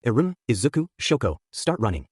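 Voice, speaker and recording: A man's voice: medium pitch, sing-song, fast, husky, dry recording, studio quality. A man voicing a fierce, hot-tempered young woman in a fanfic reading. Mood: fierce, angry. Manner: fierce, shouting.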